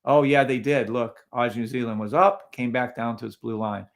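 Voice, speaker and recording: A man's voice: medium pitch, moderate pace, creaky. A man hosting a live trading stream, talking casually over charts and greeting viewers in the chat, often sounding incredulous.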